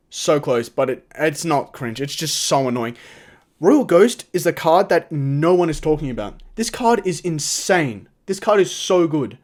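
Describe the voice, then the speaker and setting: A man's voice: a little high, darkish tone. A young man giving casual, opinionated gaming commentary, often exasperated and restarting his sentences. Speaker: gaming YouTuber. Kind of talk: casual tier-list commentary.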